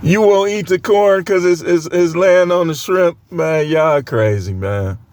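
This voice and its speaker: A man's voice: a little high, unhurried, darkish tone. A man with a cold who coughs now and then, preaching a casual, joking sermon with lots of laughter and slangy banter.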